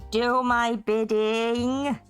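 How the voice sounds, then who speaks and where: A woman voicing a hateful, grandiose computer villain who speaks in slow, menacing, pompous decrees. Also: fairly high pitch, level tone, clean tone, faint music behind, voice pushed up. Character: hateful old AI supervillain, bitter and grandiose.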